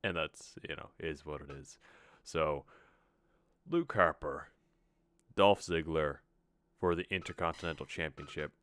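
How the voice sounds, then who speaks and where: Deep, crisp-voiced man for earnest, reflective game-stream commentary. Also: a little slow, pauses often, fairly bright tone, no room sound. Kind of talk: casual gameplay commentary.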